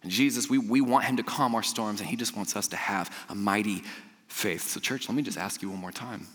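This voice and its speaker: A man preaching a sermon to his church, swinging from loud, emphatic lines to hushed, quiet ones. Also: on the low side, fairly quick, husky, big-room sound. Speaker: pastor.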